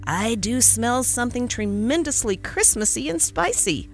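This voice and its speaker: A woman's voice: fairly high pitch, animated, moderate pace, soft background music. A woman voicing a kindly, fussy older male country doctor in a storybook reading, grumbling with good humor. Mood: grumbling, jovial. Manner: grumbling good-humored, old-fashioned phrasing.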